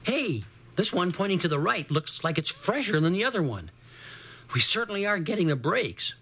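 A man's voice: high voice, expressive, moderate pace, a bit bright. A man doing an eager boy adventurer. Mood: excited. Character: excited young boy on a woodland trail.

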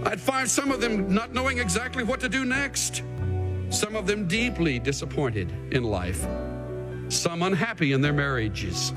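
A high-pitched, highly animated male pastor delivering a sermon at an unhurried pace. His voice leaps and drops as he moves from hushed asides to ringing declarations. The sound carries the long reverb of a large hall, with faint music beneath. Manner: dramatic, swings from hushed to shouting.

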